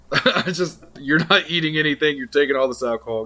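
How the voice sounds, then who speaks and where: A man's voice: on the high side, moderate pace. Laid-back male dungeon master. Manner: laughing, relaxed, casual. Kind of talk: narrating a tabletop game.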